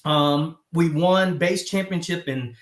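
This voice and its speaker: A man with a Southern American accent talks in a casual interview, pausing and restarting often and leaning on fillers. His voice sits a little high for a man. The sound carries a roomy echo. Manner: halting, many fillers and restarts. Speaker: guest, former squadron commander.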